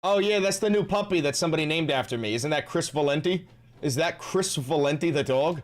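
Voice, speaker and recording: A man's voice: fairly high pitch, a little fast. Profane ranting male streamer. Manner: profane, ranting, bursts into shouting. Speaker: livestream host. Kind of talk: live-stream political commentary.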